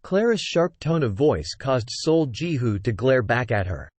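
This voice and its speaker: Male audiobook narrator, lively pitch. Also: unhurried, no room sound. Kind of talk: scripted novel narration.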